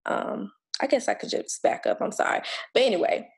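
This podcast guest's voice is a little high, gravelly and breathy, and she talks fairly quickly. She recounts her birth story casually and emphatically, swearing at times and re-enacting what people told her.

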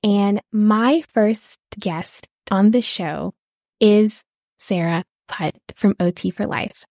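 A woman's voice: medium pitch, takes it slowly, creaky, a little mellow, dry recording. Bubbly woman podcast host in her 30s, gushy and laughing a lot, dry close sound. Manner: upbeat, gushing, laughs often. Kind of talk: casual podcast chat.

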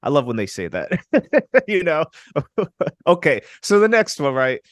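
A man's voice: a little high, very animated, unhurried, no room sound, studio quality. Emphatic man coaching listeners on dating. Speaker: podcast co-host giving dating advice. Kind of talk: casual podcast chat.

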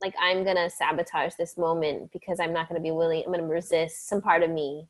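A woman's voice: low voice, level tone, fast talker. A woman in casual chat, reflecting aloud and restarting her sentences as she thinks.

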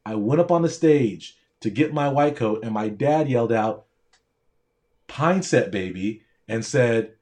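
A man's voice: mid-range voice, moderate pace, hardly any pauses, warm tone. A man, a doctor and pre-med coach, giving a motivational speech straight to his audience with a preaching, repetitive cadence.

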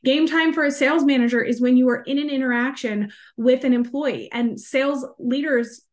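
A woman in her thirties, a sales coach hosting a casual podcast in an energetic, chatty coaching tone. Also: high-pitched, normal speed. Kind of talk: casual solo podcast talk.

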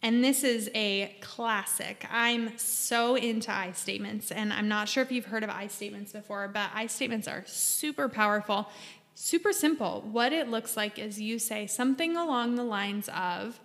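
A woman's voice: a little high, moderate pace, a bit bright, long reverb tail. A woman hosting a podcast, giving earnest, emphatic advice straight to her listeners in a casual monologue. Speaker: podcast host.

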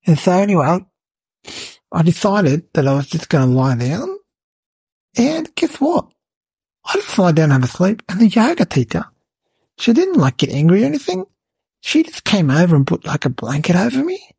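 A woman playing a cheeky, clueless little boy who tells a comic story in a rambling, deadpan way with childlike logic. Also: lowish voice, moderate pace, pauses often, no echo, full character voice. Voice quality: creaky, husky. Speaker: podcast comic character narrator. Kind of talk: comic character monologue.

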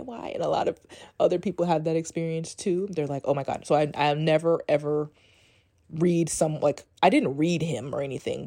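A woman's voice: sits low, gravelly, dark tone, no room sound, studio quality. A young woman hosting a podcast, chatting casually and reading from her old journal, swearing freely and saying "like" a lot. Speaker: podcast host. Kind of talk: casual personal storytelling, reading journal entries.

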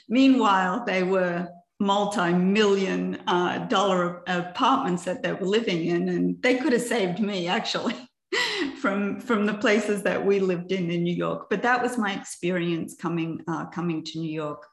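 An older woman with a low, gravelly voice recounts her path into coaching in a chatty, self-deprecating way. She keeps checking in with her listeners and speaks in an echoey room. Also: unhurried. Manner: chatty, self-mocking, frequent "right?" asides. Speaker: coach and presenter. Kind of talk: personal story in a masterclass talk.

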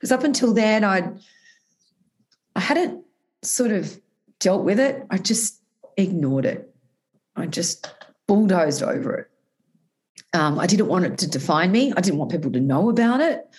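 A woman's voice: on the low side, lively intonation, measured pace, pauses often, darkish tone. A woman guest in a conversational interview, telling a personal story earnestly, with frequent restarts and self-corrections.

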